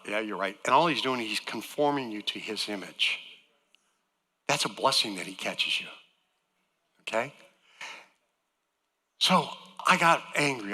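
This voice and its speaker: A man's voice: mid-range voice, breathy edge. Man preaching in an echoing church. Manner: earnest preaching, voice swinging from loud emphasis to soft. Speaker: guest speaker. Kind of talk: sermon. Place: church sanctuary.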